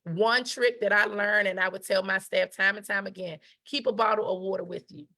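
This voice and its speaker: A woman's voice: mid-range voice, steady tone, a little fast, vocal fry, sharp tone. A woman giving a conversational etiquette lesson. She repeats her key points, checks in with "right?", and briefly acts out the people she quotes. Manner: emphatic, repeats key phrases, asks "right?". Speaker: etiquette educator. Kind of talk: conversational teaching talk.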